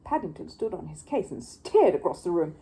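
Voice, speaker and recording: Woman storyteller, children's book reading, expressive and lively, mellow tone. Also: fairly low pitch, a little fast, rough recording.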